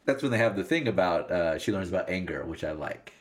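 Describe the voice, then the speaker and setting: This podcast co-host has a deep, animated voice and speaks quickly. Chatting casually about a movie, he eagerly recounts scenes and performs the characters' lines in voices.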